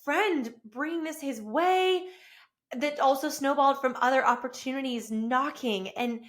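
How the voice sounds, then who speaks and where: A woman's voice: high voice, a little slow. A woman in her thirties hosting her own podcast, talking casually and enthusiastically. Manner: enthusiastic, effusive, rising to excited bursts. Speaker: podcast host. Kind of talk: casual solo podcast monologue. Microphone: self-recorded with camera.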